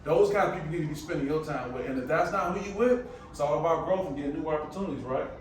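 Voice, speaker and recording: High-voiced man preaching motivation in echoey room. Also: racing, recorded from a distance, a little hiss or hum. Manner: energetic, preacher-like call and response; casual, colloquial phrasing. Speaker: motivational speaker. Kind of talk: live motivational presentation. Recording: very echoey room, picked up from afar.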